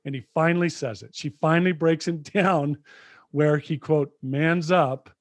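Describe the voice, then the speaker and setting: A man co-hosting a podcast, retelling film scenes in a lively conversational way. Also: fairly high pitch, normal speed, no room sound. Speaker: podcast co-host. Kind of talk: casual conversation.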